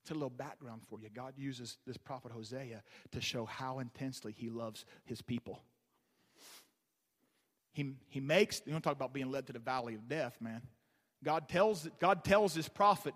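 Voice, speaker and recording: A pastor preaching a sermon in a church, with a passionate, repetitive preaching cadence. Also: male voice, mid-range voice, normal speed, a bit bright. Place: church sanctuary. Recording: long reverb of a large hall.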